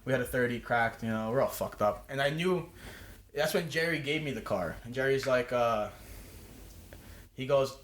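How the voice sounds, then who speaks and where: A man's voice: mid-range voice, moderate pace, fairly bright tone, a little hiss or hum. A man telling a rambling, profane story as a podcast guest, restarting his sentences often. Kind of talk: casual storytelling. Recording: roomy echo.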